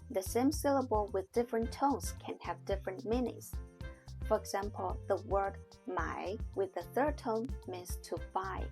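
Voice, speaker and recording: A woman teaching a language lesson in a scripted way, speaking slowly and carefully and demonstrating sounds one at a time. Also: medium pitch, darkish tone. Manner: slow, careful, demonstrating tones on single syllables.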